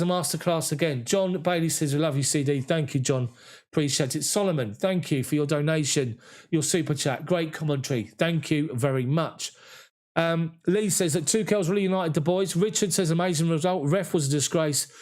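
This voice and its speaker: A man's voice: on the high side, a little mellow. A man hosting a football fan live stream, reading viewer comments aloud and thanking them one by one. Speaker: football fan channel host. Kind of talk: live stream chat reading after a match.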